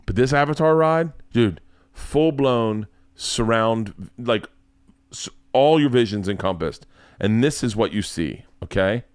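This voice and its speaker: A comedian in his forties telling a rambling story in a casual, excitable, profane way. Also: medium pitch, measured pace, clear, resonant tone, dry recording.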